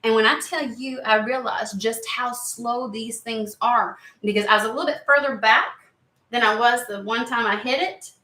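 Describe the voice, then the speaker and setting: A woman's voice: a little high, normal speed, sharp tone, roomy sound. A woman giving a casual tarot reading to camera, chatty and rambling, easily sidetracked. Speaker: tarot reader.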